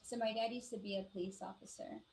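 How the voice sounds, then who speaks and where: A woman from the Navajo Nation, co-hosting a live show and telling ghost stories in a casual, animated way, acting out the voices of the people in them. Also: medium pitch, fast, gravelly, slight background noise, low-quality recording. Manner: animated storyteller, acts out quoted voices, many "like" fillers. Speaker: podcast co-host. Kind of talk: casual storytelling chat.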